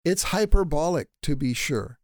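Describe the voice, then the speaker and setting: A man's voice: fairly high pitch, expressive, moderate pace, darkish tone, dry recording. Emphatic man, dry close sound. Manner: emphatic, opinionated. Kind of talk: casual conversation.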